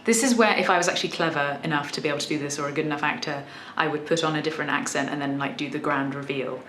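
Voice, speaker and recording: Southern English woman with a lowish voice. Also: fairly even intonation, racing, a bit bright, echoey room, slight background noise. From south of England. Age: 30s. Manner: chatty, thoughtful, many small restarts. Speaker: musician vlogger. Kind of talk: casual Q&A vlog.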